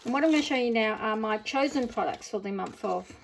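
A woman's voice: a little high, expressive, quick pace, vocal fry. A middle-aged woman with an Australian accent, chatting casually as she unboxes craft supplies, gushing with delighted exclamations. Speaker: craft vlogger.

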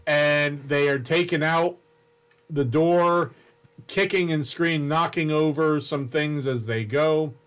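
A man running a tabletop game as game master, describing scenes in a halting, unhurried way with many restarts. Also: fairly high pitch, steady tone, a bit bright, smooth.

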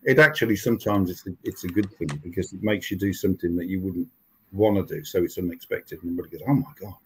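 A deep-voiced man in his sixties, a TV writer and show creator, talks fast with a fairly bright tone as a guest on a casual podcast interview. He rambles through his stories, restarting often. The recording is low quality, with slight background noise.

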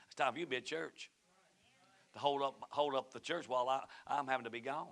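A middle-aged man with a Southern US accent preaching a sermon as pastor, moving between shouted fervent passages and quiet storytelling. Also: mid-range voice, brisk, vocal fry. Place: church sanctuary.

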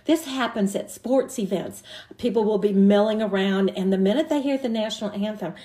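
A woman's voice: mid-range voice, normal speed, warm tone. An older woman, an early childhood educator, giving an encouraging teacher training talk and breaking into short demonstration songs.

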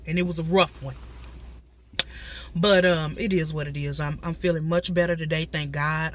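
A woman's voice: low-pitched, fairly even intonation, moderate pace. A woman vlogger chatting casually to her viewers from inside a parked car. Her voice is slightly stuffy from a cold, and she talks straight to the audience with lots of asides. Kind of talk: casual talking mukbang chat.

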